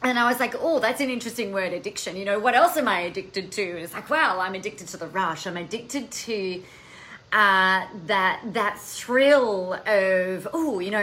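A woman hosting a casual live stream, talking in an animated, chatty way and swearing now and then. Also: medium pitch, moderate pace, slight background noise, low-quality recording. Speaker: coaching podcast host.

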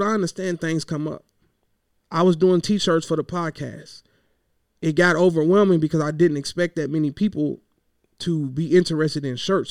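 A fairly high-voiced man with a gravelly edge rambles through a frustrated, casual vent, cursing freely as he goes. His voice stays smooth and resonant underneath the grit, and the recording is close and dry. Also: no echo. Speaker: podcaster. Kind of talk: casual venting monologue.

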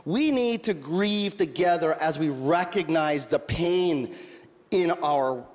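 Taking it slowly in a little high voice, a middle-aged man delivers a sermon, recounting a story earnestly and repeatedly restarting his words. His accent points to the Minnesota or North Dakota region, and the hall reverb is long.

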